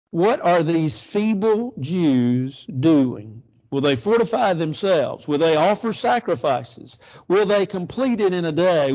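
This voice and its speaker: Guy teaching sunday bible class, kinda high voice, chatty and telling stories, dull lo-fi church recording. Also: a little mellow. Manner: conversational, storytelling, rhetorical questions.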